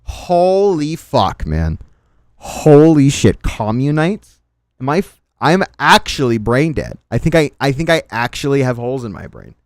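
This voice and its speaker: A man's voice: medium pitch, big pitch swings, fairly quick, hardly any pauses, fairly bright tone, no room sound, studio quality. A man streaming, commenting on drama and reading chat with sarcastic asides and swearing. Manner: sarcastic, swears freely, trails off into mutters.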